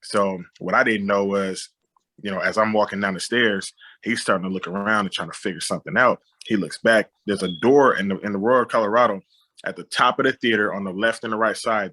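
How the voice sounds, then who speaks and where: A man's voice: fairly low pitch, bright, forceful tone. A man, a film director, telling a personal story on a podcast, acting out sound effects and often saying "you know what I'm saying".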